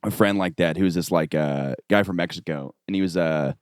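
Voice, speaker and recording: A man's voice: sits low, fairly quick, clear, resonant tone, dry recording, clean studio sound. A man hosting a comedy podcast, rambling in playful, loose banter with his guests. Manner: rambling, playful, drifts into silly voices. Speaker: podcast host.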